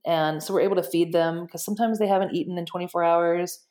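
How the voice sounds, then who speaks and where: A woman guest in casual interview chat, telling stories in an animated, excited way. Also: on the low side, fast talker. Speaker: guest, shelter director.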